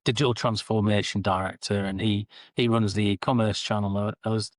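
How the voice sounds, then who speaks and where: A middle-aged Geordie man talks as an interview guest, spinning amused anecdotes in a casual way. His voice sits low and stays fairly flat in pitch. The sound is close and dry. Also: brisk, dry recording. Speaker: guest, sales and customer success director.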